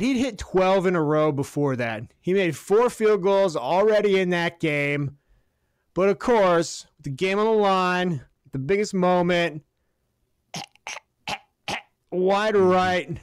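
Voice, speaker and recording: In a profane sports rant, a man co-hosting a podcast goes off about his team, full of hot sarcasm and cursing. He talks slowly in a high, smooth voice, with no echo.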